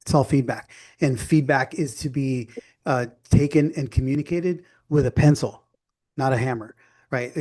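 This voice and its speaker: A man co-hosting a sales podcast in an easygoing, animated way. His voice is warm and mellow, with a middle pitch. He slips into short quoted lines to make his point. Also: normal speed, slightly rough. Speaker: podcast co-host. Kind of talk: casual business talk.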